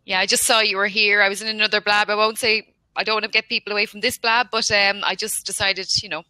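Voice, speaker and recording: A woman's voice: medium pitch, level tone, fast talker, bright, forceful tone, smooth, dry recording, rough recording. A woman from Ireland with an Irish accent, joining a video chat and talking in a bubbly, chatty way. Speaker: guest caller. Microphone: video call.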